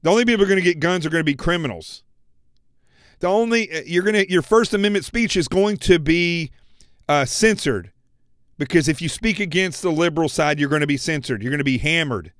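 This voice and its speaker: A man's voice: a little high, lively intonation, brisk, a bit bright, dry recording, studio quality. A man hosting a political commentary show, delivering an opinionated monologue and calling his viewers folks. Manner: fired-up, addressing viewers as folks.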